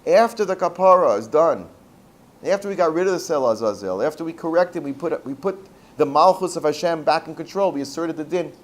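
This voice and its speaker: A man's voice: on the high side, animated, a little fast. A man, a rabbi teaching a Torah class, talking animatedly, repeating words and mixing in Hebrew terms. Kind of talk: Torah lecture with storytelling.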